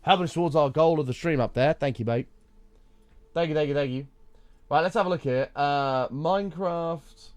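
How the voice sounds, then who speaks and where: A man's voice: a little high, normal speed, dry recording. A man streaming a game, muttering asides, thanking viewers and reacting casually to a tutorial video. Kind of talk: casual live-stream commentary. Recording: faint background music.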